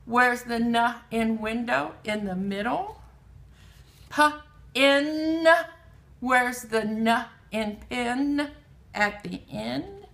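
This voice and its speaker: Woman teacher, gravelly bright voice, unhurried phonics lesson, drawing out each sound. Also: fairly high pitch. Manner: slow, drawn-out sounding out of letter sounds. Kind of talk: early reading lesson for children.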